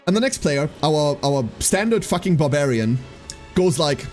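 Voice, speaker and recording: Animated man chatting over faint music. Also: a little high, a little fast. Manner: animated storyteller, swears, acts out quotes. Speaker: streamer. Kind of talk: casual chat to stream chat.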